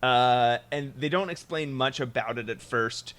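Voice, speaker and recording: A man's voice: medium pitch, a bit bright. A man co-hosting a podcast, recapping a movie in casual chat, joking and laughing as he goes. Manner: joking, laughs often, recaps plot with quick quoted voices. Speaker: podcast co-host.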